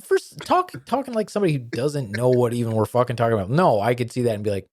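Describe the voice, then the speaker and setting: A man's voice: mid-range voice, big pitch swings, fast talker, few pauses, dry recording, studio quality. A man hosting a comedy podcast in casual chat, wry and swearing freely.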